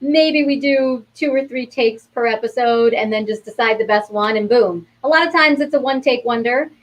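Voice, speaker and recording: A woman's voice: a little high, moderate pace, rough recording. A woman from New York, an actress, chatting upbeat as an interview guest. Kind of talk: casual interview talk.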